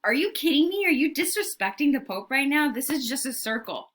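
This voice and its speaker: A woman's voice: a little high, fast talker, gravelly, pushed and bright, exaggerated voice. A woman voicing a pushy, flustered male messenger who talks in an indignant, exasperated way.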